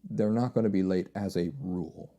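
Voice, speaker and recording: A man's voice: deep voice, brisk, mellow. A man hosting a solo podcast in a casual, rambling way, often repeating phrases and restarting sentences. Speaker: podcast host.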